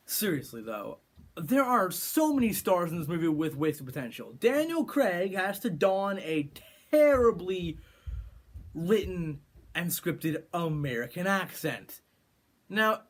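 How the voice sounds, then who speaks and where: A man from California giving an opinionated movie review rant, sarcastic and rambling with frequent restarts. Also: high-pitched. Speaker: film reviewer.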